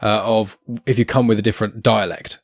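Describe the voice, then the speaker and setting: A man with a southern English accent speaks in a low voice, thoughtful and a little hesitant as he works through his points. The recording is dry and close. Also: steady tone, brisk, no room sound. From southern England. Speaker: podcast host. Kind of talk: casual chat.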